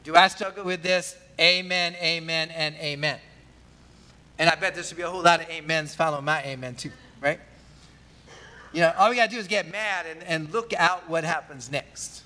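Bright-voiced preacher man in a reverberant hall. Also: on the high side, normal speed. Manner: conversational, asks the congregation questions. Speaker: pastor. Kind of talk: sermon.

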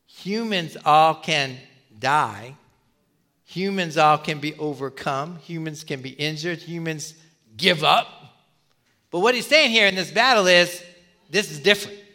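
A male pastor giving a sermon in a conversational, animated way, telling a story with many asides. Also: fairly high pitch, a little slow, big-room sound.

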